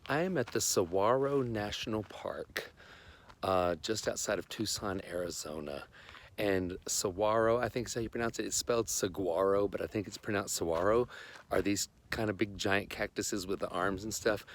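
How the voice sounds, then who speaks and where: A man with a fairly low voice talks straight to the camera in a casual, rambling vlog. He sounds enthusiastic and chatty, recorded outdoors in a desert park with faint noise underneath. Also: moderate pace. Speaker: vlog host and touring singer.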